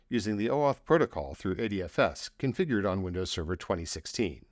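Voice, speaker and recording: A man hosting a software product update, reading scripted announcements in an upbeat way. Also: low voice, sing-song, brisk, hardly any pauses, no echo, studio quality.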